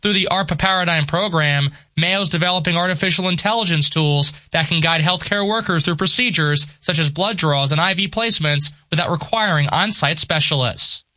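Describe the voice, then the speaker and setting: A man reading a radio news bulletin in a crisp, measured newsreader delivery. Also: a little high, sharp tone. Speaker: radio newscaster.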